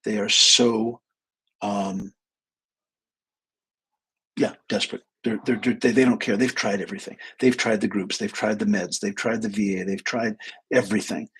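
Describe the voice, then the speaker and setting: A man's voice: on the low side, fairly even intonation, moderate pace, long pauses, fairly bright tone. A man telling a story on a casual live stream, acting out both sides of a conversation and swearing bluntly. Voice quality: gravelly, husky voice. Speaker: therapist and energy healer.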